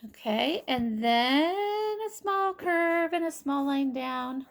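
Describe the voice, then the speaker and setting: Slow, patient high-voiced woman teacher. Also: creaky. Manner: slow, patient, sounding out letters and syllables. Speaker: kindergarten teacher. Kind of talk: recorded phonics lesson for young children.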